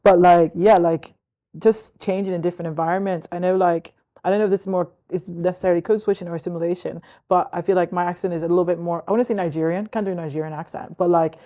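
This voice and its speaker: A young woman in her twenties with a Northern Irish accent muses casually as a co-host. Her voice sits somewhat low and she often laughs between thoughts. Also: fairly even intonation, fast, mellow. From Northern Ireland. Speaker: talk show co-host. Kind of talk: casual chat.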